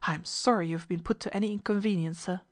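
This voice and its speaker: A woman's voice: on the low side, fairly even intonation, fast, no room sound, clean studio sound, close to an everyday voice. A woman reading a story aloud, voicing an urbane, formal ship's purser who keeps saying sir. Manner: polite, formal, often says sir. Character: urbane, fussy middle-aged male ship's purser.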